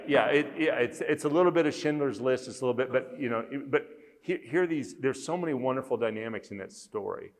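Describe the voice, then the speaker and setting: A man's voice: on the low side, in a large hall. A man speaking as a conference speaker, earnestly telling a story with emphasis. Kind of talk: storytelling talk.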